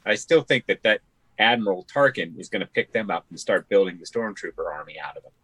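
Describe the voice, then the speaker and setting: A man chatting casually on a podcast in a lively, jokey way. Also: lowish voice, fast, husky, no room sound, poor audio. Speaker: podcast co-host. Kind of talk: casual chat.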